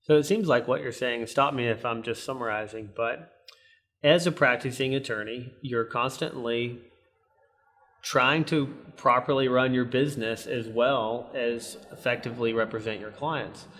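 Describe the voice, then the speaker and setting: Male interviewer, courteous and a bit halting, restates the guest's answers. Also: medium pitch, fairly bright tone. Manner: polite, summarizing, slightly halting. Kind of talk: professional interview.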